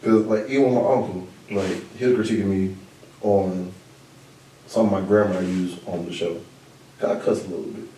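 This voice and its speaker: A man hosting a podcast in casual chat, blunt and animated, talking in quick bursts. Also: deep voice, recorded from a distance. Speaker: podcast host. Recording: roomy echo, mic set back.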